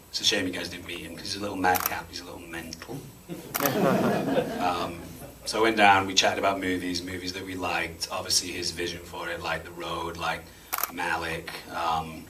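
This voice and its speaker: A man, an actor answering audience questions after a screening, chatty and self-deprecating and quick to laugh. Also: sits low, level tone. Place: cinema auditorium before an audience. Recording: distant mic with faint room noise.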